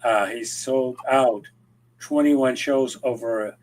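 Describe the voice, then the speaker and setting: A man from Rico, a podcast co-host telling an animated story in casual chat, acting out the people he quotes and often restarting his sentences. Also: mid-range voice, slow pace.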